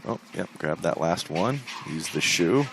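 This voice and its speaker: A man's voice: deep voice, animated, unhurried, creaky, background noise. A man commentating a match broadcast, making dry, wry remarks on the action.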